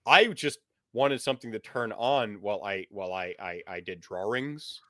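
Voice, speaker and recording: A man's voice: on the low side, normal speed, a bit bright, dry recording, studio quality. A man as game master, chatting in a rambling way with many fillers, then narrating a scene. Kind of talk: casual chat and game narration.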